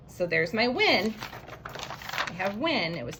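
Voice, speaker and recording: A woman teaching a writing lesson to young children, slowly sounding out each word letter by letter. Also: medium pitch, very animated, noisy background. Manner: slow, stretched phonics sounding-out. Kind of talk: early-grade writing lesson, sounding out words.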